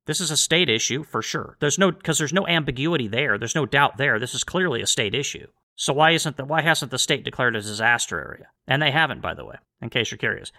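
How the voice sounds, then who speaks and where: A man's voice: fairly high pitch, pushed and bright. A man delivering a sarcastic political rant to his viewers, firing off rhetorical questions. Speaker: political commentator. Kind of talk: ranting monologue to viewers.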